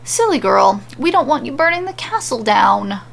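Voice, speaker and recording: A woman's voice: fairly high pitch, big pitch swings, moderate pace, vocal fry, pitched above the performer's own voice, heavily acted. A woman voicing a smug male mage villain who talks down in a sneering way. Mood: condescending. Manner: condescending, sneering.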